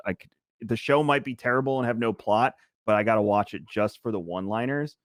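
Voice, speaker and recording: A man's voice: medium pitch, brisk, dry recording, clean studio sound. A man co-hosting a podcast, chatting casually and enthusiastically recommending a show in a rambling way. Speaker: podcast co-host. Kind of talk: casual chat.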